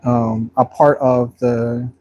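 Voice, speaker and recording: A man's voice: mid-range voice, little pitch movement, takes it slowly, darkish tone, muffled recording. A man painting on a livestream, talking in a loose, long-winded way, full of fillers. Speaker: painter livestreaming his work. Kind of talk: casual rambling talk while painting.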